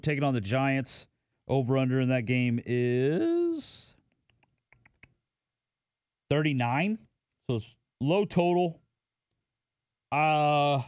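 Man, podcast host, casual ranting, heavy swearing, loud outbursts and low mutters, fairly high voice, dry close sound. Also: clean tone, no echo. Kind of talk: casual solo sports betting talk.

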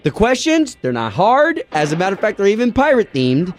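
Lively high-voiced man hosting morning radio. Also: fairly quick. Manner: playful, animated, laughing often. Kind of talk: upbeat radio banter and game hosting.

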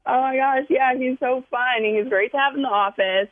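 A woman's voice: high-pitched, moderate pace, dry recording. Chatty woman on a tinny phone line. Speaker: caller. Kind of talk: phone call on radio.

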